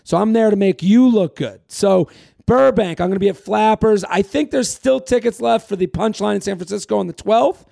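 A comedian hosting his podcast in a high, gravelly voice. He rambles through casual chat, cracks crude jokes and plugs his shows. The sound is dry and close. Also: moderate pace, warm tone, no room sound. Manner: rambling, crude joking, self-promoting.

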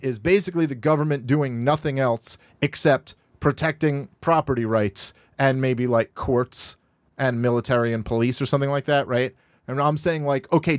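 A man's voice: dry recording, clean studio sound. Exasperated man arguing on a podcast. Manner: exasperated, rising sharply in pitch when rebutting. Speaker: podcast host reacting to a video. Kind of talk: argumentative commentary on a played clip. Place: podcast studio.

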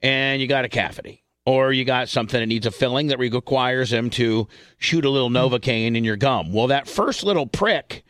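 A man's voice: mid-range voice, normal speed, a bit bright, dry recording. A blunt male radio host who swears freely and teases his co-hosts. His voice sits mid-range, and the studio mic is very dry and close with no room around it. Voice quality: profane, blunt, bossy. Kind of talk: crude casual banter.

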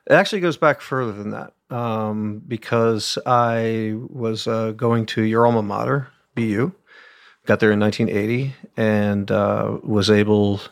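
Gravelly low-voiced man telling rambling stories. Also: fairly even intonation, unhurried, dry recording, studio quality. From Oklahoma, USA. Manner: rambling storyteller with many asides. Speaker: wine critic, guest. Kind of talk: conversational interview.

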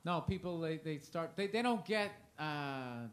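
A man's voice: fairly high pitch, animated, measured pace. Rambling, swearing comedian man. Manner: rambling, self-deprecating, swears often. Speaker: comedian guest. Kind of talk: casual chat. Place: festival interview.

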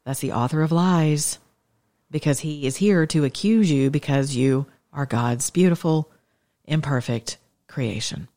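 A woman's voice: sits low, measured pace, mellow. A woman in her thirties giving an informal, conversational sermon with impassioned, shifting pace. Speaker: preacher.

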